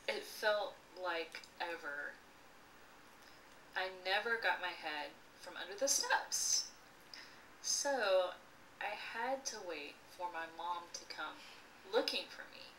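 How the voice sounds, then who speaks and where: A woman slowly telling a personal childhood story with lively expression and occasional laughs. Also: lowish voice. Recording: echoey room, voice from a distance, faint noise.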